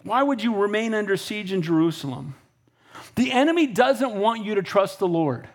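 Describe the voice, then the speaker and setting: A male pastor preaching a sermon in an energetic, conversational way, with blunt asides and frequent calls of "Amen?". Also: high voice, normal speed.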